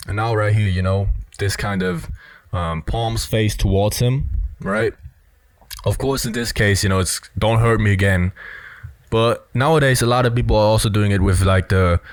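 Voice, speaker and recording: A man's voice: lowish voice, lively intonation, normal speed, no echo. A man giving casual video commentary on body language, explaining step by step and dropping in lots of "you know" and "right?".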